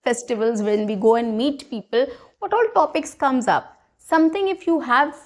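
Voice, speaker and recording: A woman talks viewers through a spoken lesson in a relaxed, chatty coaching manner. Her voice sits a little high, and she keeps checking in with her listeners as she explains. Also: normal speed. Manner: chatty, repeats "right?" and "guys", coaching tone. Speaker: English teacher. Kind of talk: spoken English lesson to camera.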